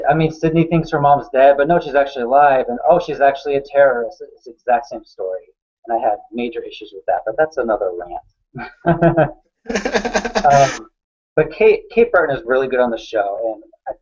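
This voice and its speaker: A man's voice: mid-range voice, brisk, breathy edge. A man co-hosting a casual, opinionated conversation about awards contenders, talking with enthusiasm. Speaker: awards editor and co-host. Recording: dull lo-fi sound.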